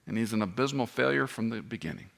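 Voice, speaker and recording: A middle-aged man preaching a sermon, impassioned, swinging between loud cries and hushed tones, with self-deprecating asides. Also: on the low side, animated, fast talker, gravelly. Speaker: pastor.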